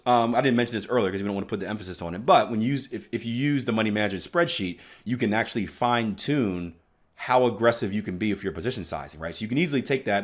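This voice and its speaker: Male trading coach, emphatic motivational delivery with frequent "right?" check-ins. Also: medium pitch. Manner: emphatic, repeats "right?" often, bursts of loud stress. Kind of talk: motivational teaching talk.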